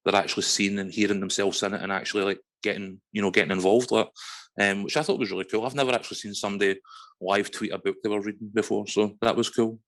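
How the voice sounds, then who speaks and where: Scottish podcast host, really deep voice, talks quick and casual. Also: fairly even intonation, a bit bright. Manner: quick, informal, chips in with short agreements. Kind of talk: casual interview chat.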